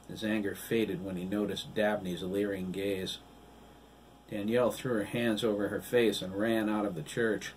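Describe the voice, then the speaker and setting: A man, the author, reading his novel aloud as an audiobook in a measured, even storytelling manner. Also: on the low side. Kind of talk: audiobook narration. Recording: distant mic, faint hiss.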